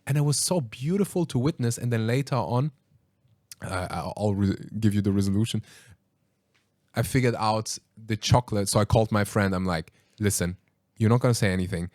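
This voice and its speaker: A man hosting a podcast, telling a story in a lively, laughing way with plenty of fillers. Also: fairly low pitch, moderate pace, dry recording, clean studio sound. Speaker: podcast host. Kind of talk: casual storytelling conversation.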